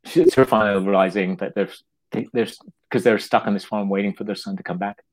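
Fields: Sex: man. Role: playwright. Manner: halting, with restarts. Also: on the low side, fairly even intonation, rough recording. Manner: halting, restarts words, acts out quotes. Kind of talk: casual interview talk.

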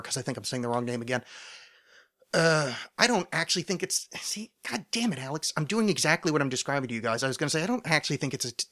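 Male podcast host, bright tone, mid-range pitch; rambling, swears freely, pokes fun at himself. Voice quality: rambling, profane, self-deprecating. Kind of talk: casual solo podcast monologue.

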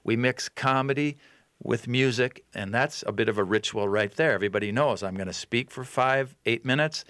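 A man's voice: medium pitch, moderate pace, no room sound. A man with an Upper Midwest American accent, a radio guest talking earnestly and animatedly in a casual interview. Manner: earnest and animated, often quoting others. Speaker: guest comedian and consultant.

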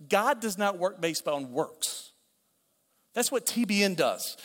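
A man's voice: sits high, animated, moderate pace, a bit bright. A middle-aged man preaching a sermon as pastor, conversational, with repeated phrases and asides. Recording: long hall reverb.

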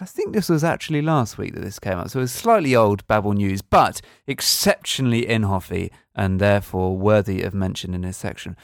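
Lively, gravelly man hosting. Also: on the low side, dry recording, clean studio sound. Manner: playful, teasing, theatrical. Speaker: podcast co-host. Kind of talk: comic casual chat.

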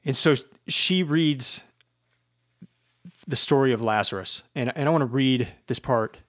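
A male teacher talks through a novel in a slow, reflective way, often stumbling and repeating words. His voice sits at a medium pitch. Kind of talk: informal book lecture.

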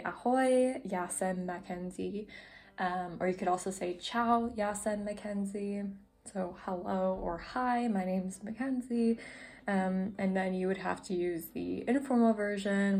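A woman's voice: mid-range voice, a little mellow. A woman hosting a vlog-style podcast about learning a language, talking casually with many fillers and restarts; English is her first language. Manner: chatty, frequent fillers and self-corrections. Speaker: podcast host.

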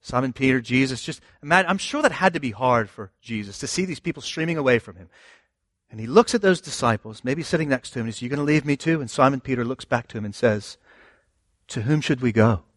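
A man's voice: medium pitch, expressive, quick pace, fairly bright tone, no echo, clean studio sound. Man preaching a conversational sermon. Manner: conversational and emphatic, with rhetorical questions. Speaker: pastor.

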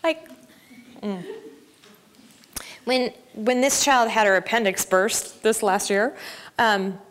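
A woman's voice: medium pitch, a little slow, a bit bright, a little hiss or hum. A middle-aged woman giving an inspirational talk to mothers at a family camp, candid and self-deprecating, laughing easily at herself.

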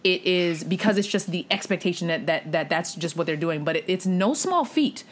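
A woman hosts a podcast with a low voice, heaping praise on her guests. She stops and restarts as she gushes. Her talk stays casual. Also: animated. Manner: effusive, warm praise with halting restarts. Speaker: podcast host.

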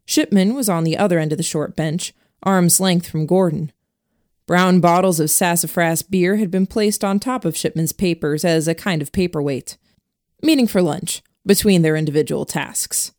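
A woman reading a novel aloud as narrator in a steady first-person storytelling voice. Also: on the low side, moderate pace, no echo, studio quality. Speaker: audiobook narrator. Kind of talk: scripted narration.

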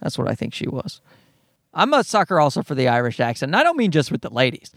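Lively, profane man ranting. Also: medium pitch, fast talker, creaky, dry recording, clean studio sound. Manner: profane, ranting, sarcastic, animated. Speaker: podcast host. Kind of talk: solo comedic podcast rant. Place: parked car.

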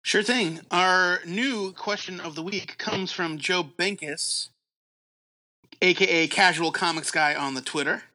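A man's voice: high-pitched, measured pace, sharp tone. A man co-hosting a casual comics podcast, reading out the listener question. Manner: reads the question aloud, upbeat. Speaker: podcast co-host. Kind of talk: casual chat.

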